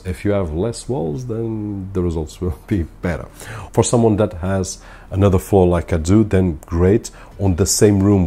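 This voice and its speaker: Low, husky tech reviewer man. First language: Portuguese. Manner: relaxed, explanatory, repeats pet phrases. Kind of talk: casual product review to camera. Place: home.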